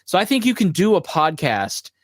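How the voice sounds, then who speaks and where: A middle-aged man hosting a live podcast Q&A, talking in a relaxed, casual way with loose fillers. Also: high voice, normal speed, dry recording, studio quality. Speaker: podcast host.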